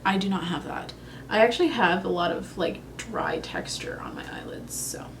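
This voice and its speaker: A woman's voice: medium pitch, moderate pace, a little hiss or hum. A young woman chatting casually in a makeup review vlog, thinking aloud and second-guessing herself. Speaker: beauty vlogger.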